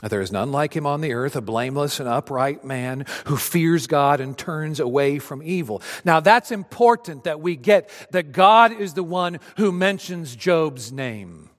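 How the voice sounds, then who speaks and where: Male pastor, mid-high voice, animated sermon delivery with acted-out lines, reverberant hall. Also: unhurried, hardly any pauses. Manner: animated, acts out voices of biblical figures.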